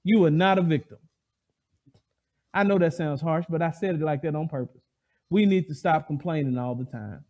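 A man preaching a sermon, emphatic and animated, asking the congregation call-and-response questions. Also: fairly high pitch, normal speed, long pauses, dull audio.

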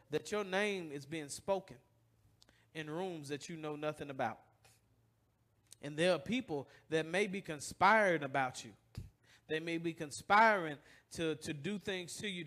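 A male pastor preaching a lively, humorous sermon in a church, asking the congregation to finish his sentences. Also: high voice. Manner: animated, call-and-response, humorous.

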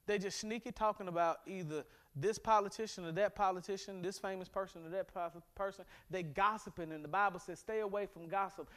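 A pastor preaches to his congregation with a high, bright voice. He is animated and joking, building to loud, emphatic points before dropping back down. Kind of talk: sermon. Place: church sanctuary.

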